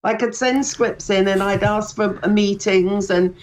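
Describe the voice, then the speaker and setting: A comedian and author in her sixties rambles in a self-deprecating way during a casual radio interview, often restarting her sentences. Her voice is mid-range and her pace measured.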